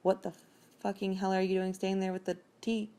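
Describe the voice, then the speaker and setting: A woman's voice: mid-range voice, little pitch movement, a little fast, dark tone, lightly acted. A woman voicing a bewildered young man who talks in a flustered, complaining way.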